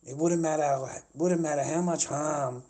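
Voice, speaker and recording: Agitated aussie bloke ranting on a stream, swearing a lot, voice sits a bit high. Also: male voice, steady tone, measured pace, dark tone. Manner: agitated, swearing, repeating himself. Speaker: livestreamer. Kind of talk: angry livestream rant.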